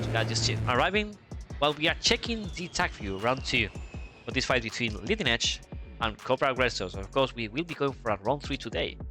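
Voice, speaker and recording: Bright-voiced Spanish man commentating. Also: medium pitch. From Spain. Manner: chatty, thinks aloud with restarts and asides to chat. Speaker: esports commentator. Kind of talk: casual flight-sim match commentary.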